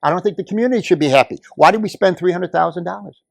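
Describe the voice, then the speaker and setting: An older man speaking at a community meeting, telling a story and building to forceful, emphatic outbursts. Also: high-pitched, racing, creaky, no echo, clean studio sound. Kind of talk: impassioned public comment.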